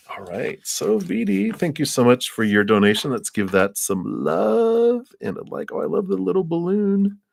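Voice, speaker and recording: A man's voice: fairly high pitch, sing-song, measured pace, gravelly, no room sound. A man giving a live tarot card reading in a casual, chatty way, laughing often and acting out little scenes. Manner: acts out little scenes in quoted voices.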